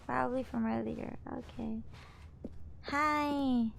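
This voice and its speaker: A woman's voice: on the high side, steady tone, slow, gravelly. A woman streaming a game, chatting playfully in a childlike way and repeating phrases. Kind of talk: live game commentary.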